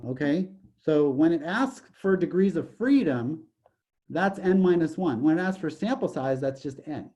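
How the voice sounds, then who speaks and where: Jokey, mellow-voiced male math professor. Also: fairly high pitch, expressive, moderate pace. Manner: jokey, digressive, repeats "okay". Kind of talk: recorded statistics lecture.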